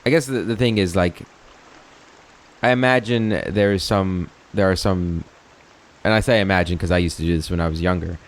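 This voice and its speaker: A man's voice: sits low, normal speed. A man hosting a let's play, reading game text aloud and chatting in a rambling, easygoing way.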